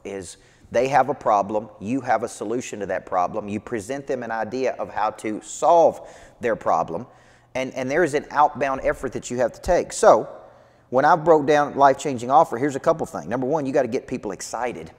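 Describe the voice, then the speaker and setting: Male business coach, mid-pitch, punchy motivational delivery, long hall reverb. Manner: emphatic, repetitive, energetic preaching cadence. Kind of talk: motivational talk.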